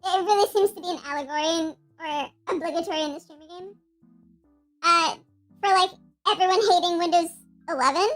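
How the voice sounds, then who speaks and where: A woman talking through a pitch-raising voice changer as a little minion creature, with giggly, rambling chatter on a live stream. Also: brisk, a bit bright, soft background music.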